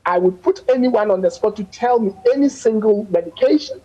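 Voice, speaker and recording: A man speaks as a doctor on a news panel, husky and mellow in tone. He presses his case hard with figures and everyday comparisons. The sound comes over a dull, lo-fi remote link. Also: high voice, expressive, fairly quick, faint music behind. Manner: emphatic, explains with statistics and everyday examples. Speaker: doctor guest. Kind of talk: panel discussion on a news show.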